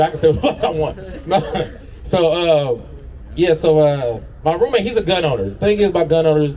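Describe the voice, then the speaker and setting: A man doing a brash stand-up comedy set on an outdoor patio, swearing and laughing through his own lines. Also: fairly high pitch. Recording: distant mic with loud audience.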